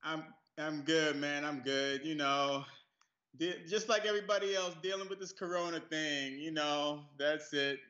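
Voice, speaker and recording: Chill guy from new york telling stories w laughs, kinda high voice, roomy muffled call sound. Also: fairly even intonation, a little slow, sharp tone. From New York City. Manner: laid-back, laughing storyteller. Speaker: guest actor. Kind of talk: casual interview chat.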